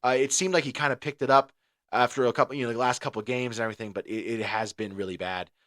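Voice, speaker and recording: A man co-hosting a podcast in casual sports chat, talking in an animated way that rises to shouts when he gets riled. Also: medium pitch, quick pace. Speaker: podcast co-host.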